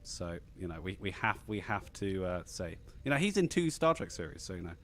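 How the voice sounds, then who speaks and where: Animated man with a posh English accent. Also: low voice, brisk. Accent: slightly posh southern English. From England. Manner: animated and rambling, many restarts. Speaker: podcast host. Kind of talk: casual live-stream chat.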